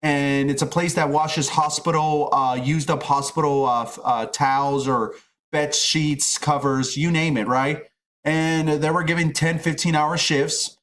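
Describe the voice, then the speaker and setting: Man, middle-aged, profane, frustrated rant, casual streamer talk, slightly high voice. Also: steady tone, a little slow, a bit bright.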